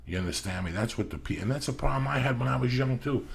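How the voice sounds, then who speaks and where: A man's voice: medium pitch, expressive, fast, gravelly, a little hiss or hum. A middle-aged man hosting a podcast, telling rambling stories in a casual chat, swearing constantly and pressing his points hard. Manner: profane, rambling, emphatic storyteller. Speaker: podcast host.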